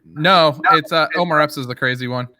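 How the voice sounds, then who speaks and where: A man co-hosting a casual podcast, describing a movie hesitantly with many pauses. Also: a little high, pushed and bright. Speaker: podcast co-host. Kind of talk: casual chat.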